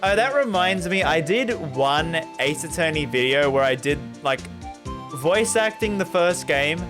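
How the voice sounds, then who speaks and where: A young man streaming a game, chatting casually and excitedly with many fillers and laughs as he reads the game text aloud. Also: a little high. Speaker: gaming streamer. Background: game music.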